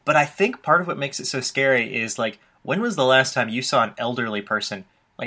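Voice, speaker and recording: A man's voice: medium pitch, a little fast, few pauses, bright, forceful tone. A young man co-hosting a podcast, chatting casually in a loose way with lots of filler words and the odd swear. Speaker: podcast co-host. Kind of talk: casual recap chat.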